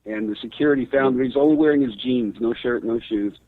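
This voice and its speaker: Male co-host, blunt, profane, mid pitch, dry narrow phone audio. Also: a little fast, no echo. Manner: blunt, swears freely, laughs often. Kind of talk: casual chat.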